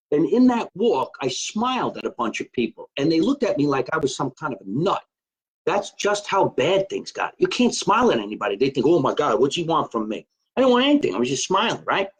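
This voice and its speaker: A man's voice: mid-range voice, slightly rough, poor audio. A man hosting his own live stream, chatting casually and joking in a rambling way. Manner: chatty, rambling, joking about being Italian. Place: his home.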